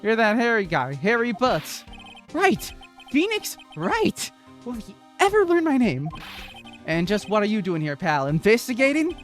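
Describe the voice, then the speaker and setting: A streamer voicing a brash, gruff male police detective in a game who keeps calling people "pal". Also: mid-range voice, wildly swooping pitch, measured pace, faint music behind, pitched above the performer's own voice. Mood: cocky. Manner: gruff and blustery, says "pal". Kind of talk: voice acting while playing a game.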